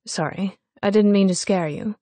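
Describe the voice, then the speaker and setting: A woman's voice: medium pitch, moderate pace, dark tone, dry recording, close to an everyday voice. A woman reading an audiobook voices a polite, easygoing young man who sounds lightly amused.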